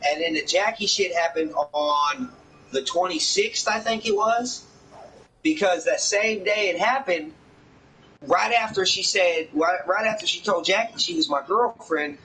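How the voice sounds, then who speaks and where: A man rambles through a casual story, swearing constantly and acting out what others said. His voice is bright and forceful and sits a little high. He is recorded from a distance with a faint hum of background noise. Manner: rambling, swears often, acts out others' lines.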